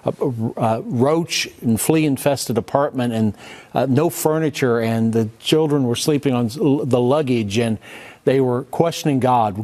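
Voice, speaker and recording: A man co-hosting a talk show, explaining with halting speech and many fillers. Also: mid-range voice, darkish tone. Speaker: co-host. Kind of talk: casual chat.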